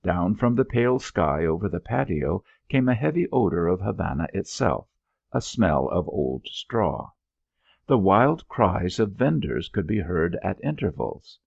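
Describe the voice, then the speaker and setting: A man narrating an audiobook in an expressive storytelling manner. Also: low-pitched, unhurried, creaky, no room sound, dull audio. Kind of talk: scripted narration.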